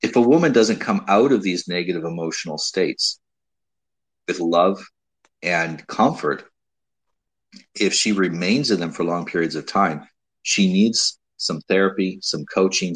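A man hosting a casual advice talk, speaking in a measured way with frequent restarts and repeated words. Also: deep voice, fairly bright tone, breathy edge, rough recording. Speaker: host giving dating advice.

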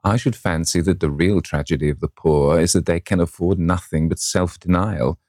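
A man's voice: low voice, steady tone, moderate pace, a little mellow, no echo, studio quality, close to an everyday voice. A man voicing a worldly, cynical aristocrat in a storybook reading, with a languid, drawling manner.

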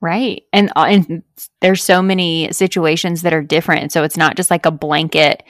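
A woman's voice: deep voice, steady tone, normal speed, dry recording, studio quality. A woman hosting a podcast, listening closely and asking supportive follow-up questions. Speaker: podcast host. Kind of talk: casual chat.

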